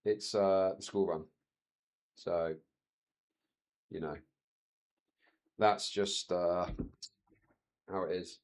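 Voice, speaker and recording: A man's voice: low voice, very slow, pauses often. A man in his thirties chatting casually on a live stream, telling stories with frequent laughs and swearing. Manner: chatty, laughs often, swears, animated storytelling.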